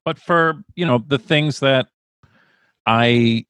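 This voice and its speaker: A man's voice: medium pitch, slow pace, fairly bright tone, smooth, no echo. A man in his forties, a guest in a casual conversation, talking reflectively and openly with casual swearing. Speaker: podcast guest.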